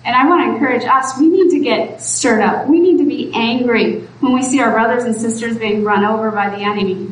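A woman's voice: a little high, fairly quick, hardly any pauses. A woman preacher giving a sermon in an earnest, pleading way that rises to exhortation. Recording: echoey room from far off, faint background noise.

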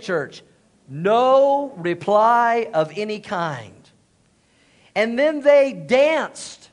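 High-voiced animated male pastor. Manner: animated, jokey, call-and-response, drops to hushed solemn tones. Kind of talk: sermon. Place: church.

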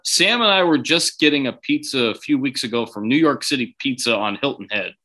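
Bright-voiced man in casual chat. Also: medium pitch, lively intonation, fairly quick. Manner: easygoing, chimes in with short replies. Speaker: podcast co-host.

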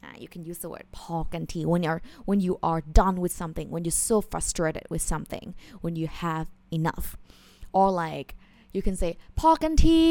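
A woman leads an online lesson at a brisk clip. She explains patiently and slips in polite particles, recorded dry and close with no room sound. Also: fairly low pitch, steady tone, gravelly, warm tone, no room sound. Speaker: Thai language teacher.

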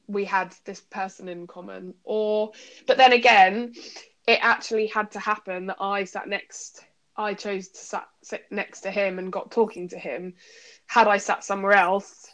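A woman co-hosting a casual chat, thinking aloud with pauses and restarts as she tells a story. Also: medium pitch, fairly bright tone. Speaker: podcast co-host; coach.

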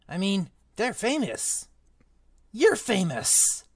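A book-club reader voicing a big, rough-spoken half-giant gamekeeper, reading the lines aloud in a fairly plain voice. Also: mid-range voice, sing-song, slow pace. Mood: gruff. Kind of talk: amateur read-aloud of a novel.

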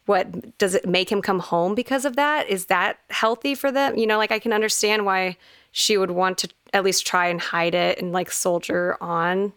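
A woman's voice: medium pitch, moderate pace, a bit bright, clear, resonant tone, dry recording, studio quality. A woman co-hosting a podcast, chatting and picking apart a TV episode with lots of "like"s. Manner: chatty, analytical, many "like"s. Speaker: podcast co-host. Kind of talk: casual TV recap chat.

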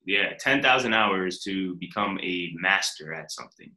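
A man's voice: low-pitched, lively intonation, moderate pace, bright, forceful tone, roomy sound, rough recording. A man hosting a podcast, asking earnest, curious questions in a casual interview. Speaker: podcast host.

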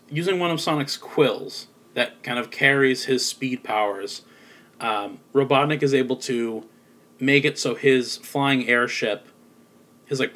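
A man giving a casual spoken film review, rambling with lots of filler words and sounding a little sleepy. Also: mid-range voice. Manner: rambling, many ums and likes. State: sleepy, yawning.

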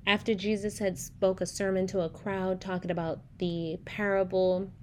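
A woman's voice: on the low side, a little mellow, a little hiss or hum. A young adult woman hosting a faith-based podcast, telling stories in a chatty way with preacher-like emphasis. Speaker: podcast host.

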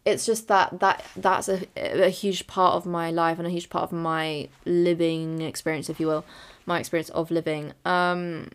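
Young woman with a gravelly, low voice. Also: flat delivery, moderate pace. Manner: candid, rambling, full of fillers and self-corrections. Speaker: podcast host. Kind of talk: reflective solo podcast monologue.

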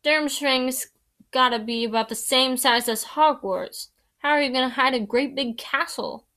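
A woman voicing a loud, casual teenage boy. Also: high-pitched, a little slow, pitched above the performer's own voice. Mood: teasing.

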